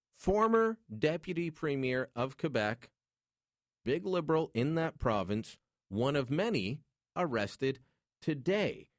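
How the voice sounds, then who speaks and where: Animated talk radio host. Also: male voice, medium pitch, dry recording, studio quality. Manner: animated, joking, opinionated. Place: radio studio. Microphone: studio microphone.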